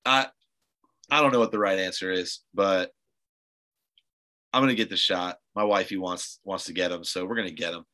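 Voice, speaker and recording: In this rough recording, a man hosts a podcast, chatting casually and rambling through stories loaded with filler words. His low voice holds a steady tone, pushed and bright, at a moderate pace with frequent pauses.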